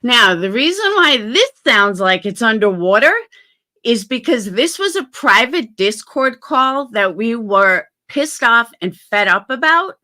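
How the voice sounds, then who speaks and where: A woman's voice: a little high, big pitch swings, measured pace, pushed and bright. A middle-aged woman hosting a casual commentary vlog, talking bluntly and defensively and swearing freely. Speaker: YouTube commentary host.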